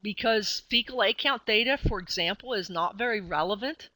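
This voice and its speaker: A woman lectures in a webinar, her voice bright and forward. She explains in a conversational way, pausing on fillers and correcting herself as she goes. The sound is dry and close, with no room around it. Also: medium pitch, no echo, poor audio. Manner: conversational teaching with frequent fillers and self-corrections. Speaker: extension specialist presenting a webinar.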